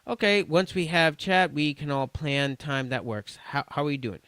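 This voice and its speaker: Man, streamer, reading messages aloud, stumbles and restarts, smooth voice, dry close sound. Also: on the high side, normal speed, fairly bright tone, no room sound.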